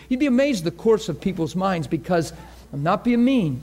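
A man teaching a class on faith healing in a lively, conversational way, often acting out what people say and pray. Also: sits high, moderate pace. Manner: animated, acts out quoted prayers and voices. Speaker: ministry teacher.

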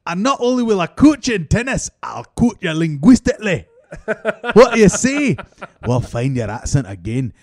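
A man's voice: high-pitched, sing-song, normal speed, a little mellow. A man playing a mopey male tennis star who has lost his Scottish accent, lamenting it in a mock-dramatic way.

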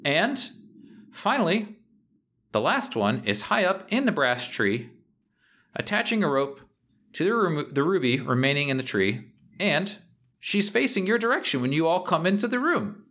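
Lively man narrating a tabletop game. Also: a little high, moderate pace. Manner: descriptive, playful. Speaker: game master and podcast host.

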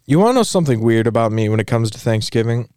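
A man's voice: medium pitch, very animated, darkish tone, smooth, no echo, studio quality. A man co-hosting a casual podcast chat, joking and self-mocking as he tells stories. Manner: jokey, self-mocking, drawn-out storytelling. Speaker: podcast co-host.

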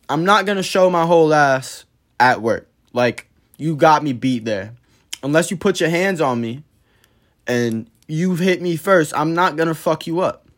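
Guy on his podcast, kinda high voice, blunt and cussing a lot while he tells a work story. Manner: blunt, profane, heated retelling of a work dispute. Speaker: podcast host. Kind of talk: casual storytelling monologue.

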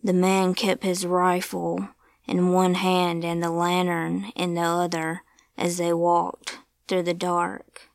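Slow, low-voiced woman telling a ghost story. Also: monotone, no room sound. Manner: slow, measured storytelling, sometimes hushed. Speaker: narrator. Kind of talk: scripted ghost story narration.

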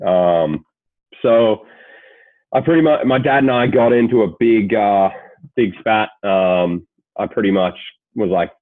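A man's voice: on the low side, a little slow, pauses often, dry recording. A man in his late twenties with an Australian accent, a guest telling a story in a laid-back, casual way, swearing freely. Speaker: guest, sports agent. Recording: tinny phone-like call audio.

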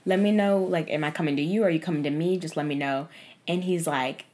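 A young woman telling a dating story on a podcast in casual, profane chat, animated and full of fillers. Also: low voice, moderate pace.

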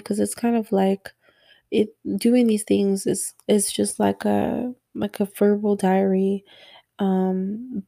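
Slow, gravelly-voiced sleepy woman. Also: mid-range voice, no room sound. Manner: slow, rambling, soft-spoken, yawning. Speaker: mother sharing a personal audio diary. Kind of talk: late-night personal reflection.

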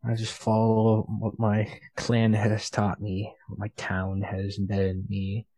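A man playing a character in a tabletop game, calm and matter-of-fact. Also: fairly low pitch, a little slow, no room sound, poor audio. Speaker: player. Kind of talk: in-character tabletop role-play.

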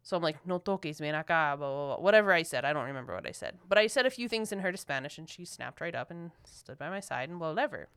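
Smooth-voiced woman telling a podcast story. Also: on the low side, quick pace, hardly any pauses. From Philadelphia. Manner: animated, quotes people in lively voices. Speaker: podcast co-host. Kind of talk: casual storytelling chat.

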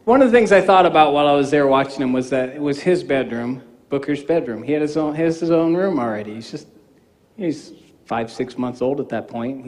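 A man in his fifties preaching a sermon, animated and telling stories, acting out dialogue in quoted voices. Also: medium pitch. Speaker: pastor. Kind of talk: sermon with personal storytelling. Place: church sanctuary. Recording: reverberant church hall.

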